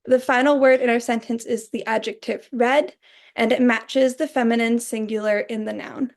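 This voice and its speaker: A young woman delivers a recorded class presentation in a clear, explanatory way. Her voice sits a little high and carries a gravelly edge. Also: steady tone, normal speed, darkish tone. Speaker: student presenter.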